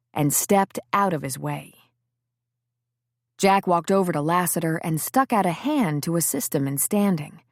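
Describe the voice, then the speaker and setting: A woman's voice: fairly low pitch, dry recording, clean studio sound. Woman narrating an audiobook. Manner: steady, measured reading. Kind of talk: scripted narration.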